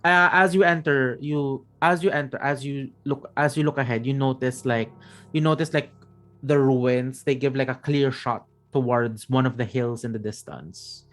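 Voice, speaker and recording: A man's voice: mid-range voice, moderate pace, fairly bright tone. A middle-aged man narrating a tabletop game as game master, rambling and restarting his phrases as he describes the scene.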